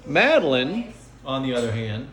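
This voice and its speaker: A man's voice: mid-range voice, sing-song, moderate pace, background noise. An older man narrating a casual home video from his kitchen, chatty and proudly playful as he shows off his cooking. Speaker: family cook filming a holiday video. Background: frying sizzle.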